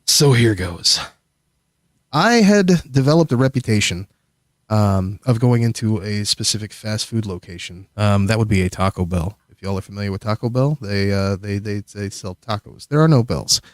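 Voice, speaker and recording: A man's voice: on the low side, animated, moderate pace, no echo, studio quality. A man casually telling a long, rambling, profane story as a guest on a livestream. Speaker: streamer guest.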